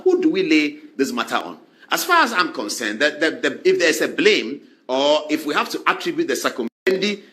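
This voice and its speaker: A man giving animated talk-show commentary, acting out quoted dialogue in shifting voices. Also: a little high.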